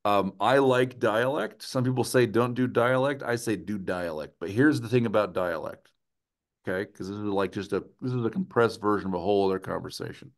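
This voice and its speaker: Man, lowish voice, writing workshop presenter, conversational lecture, animated. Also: brisk. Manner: animated, often checks in with "right?" and "okay?".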